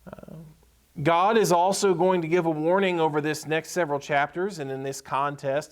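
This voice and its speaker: Man, pastor, sermon, emphatic repetition, scripture reading, somewhat high pitch. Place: church sanctuary.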